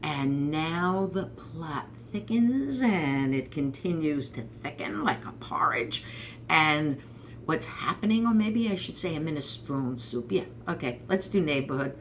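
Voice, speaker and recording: Low-pitched and a little slow, this host from Brooklyn, New York rambles through a sarcastic political monologue, tossing in animated asides. Faint hiss or hum is audible.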